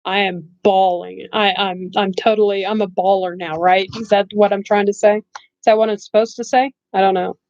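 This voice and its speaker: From her bedroom at home, a middle-aged woman chats casually on a livestream, blunt and rambling, laughing often and saying she has no filter. Her medium-pitched, darkish voice has little pitch movement and normal speed, in lo-fi audio with no echo.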